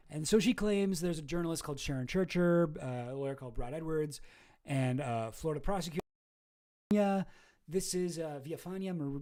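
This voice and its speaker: Male streamer, casual commentary, sarcastic, rambling, fairly high voice, mellow tone. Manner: rambling, sarcastic, self-correcting. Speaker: streamer, host.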